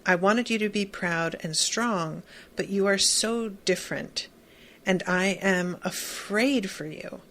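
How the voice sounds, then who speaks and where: A woman voicing a worried middle-aged immigrant father, quiet and earnest, in a podcast recap. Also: medium pitch, slow.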